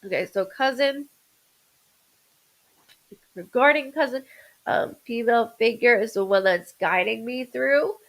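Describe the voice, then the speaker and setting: A woman's voice: on the high side, measured pace, gravelly, long pauses, fairly bright tone, low-quality recording. A woman doing a live-streamed psychic reading as a medium, rambling with stammered restarts and greeting viewers by name.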